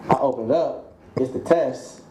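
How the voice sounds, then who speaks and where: A man's voice: mid-range voice, normal speed. A man casually telling a personal story, acting out the voices of the people in it and laughing along the way. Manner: animated, acts out quoted voices, laughs mid-story. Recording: roomy echo with faint background noise.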